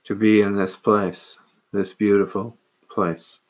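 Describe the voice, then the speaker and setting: Devout grateful woman in prayer, recited by a man; low, level voice, unhurried and soft. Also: little pitch movement. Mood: reverent. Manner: slow, reverent, soft. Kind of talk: quoted prayer.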